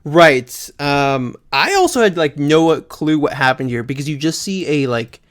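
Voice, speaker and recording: Smooth-voiced man recapping an episode. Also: a little high, measured pace. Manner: animated, laughs often, many fillers. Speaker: podcast co-host. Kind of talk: casual recap chat.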